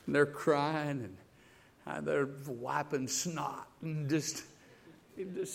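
A male pastor preaching with passion, his somewhat high voice climbing into near-shouts and then dropping to a hush. He stacks repeated words as he builds toward a point. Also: fairly even intonation, takes it slowly, vocal fry. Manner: impassioned, swinging from loud and emphatic to hushed. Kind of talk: sermon.

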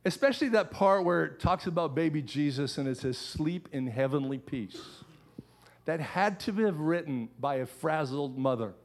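A man's voice: a little high, animated, moderate pace. A middle-aged man, a pastor, preaching a sermon in church with earnest, repeated phrases.

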